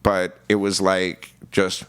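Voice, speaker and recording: A male podcast guest telling an animated story in a casual way. He swears often and keeps asking "you know what I mean". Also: sits low, slow, clear, resonant tone. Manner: casual, profane, peppered with 'you know what I mean'. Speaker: interview guest. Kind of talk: animated storytelling with acted-out quotes.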